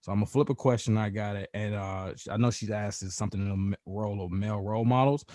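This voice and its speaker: A man's voice: lowish voice, darkish tone, dry recording, clean studio sound. A man hosting a casual podcast chat, loose and joking, asking questions. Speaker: podcast host.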